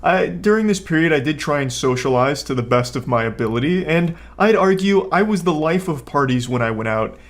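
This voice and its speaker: A young man giving casual commentary on a video clip, with a dry, deadpan, sarcastic delivery, relaxed pacing and casual swearing. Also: on the high side. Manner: relaxed, unhurried storytelling with frequent fillers. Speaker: YouTube commentator.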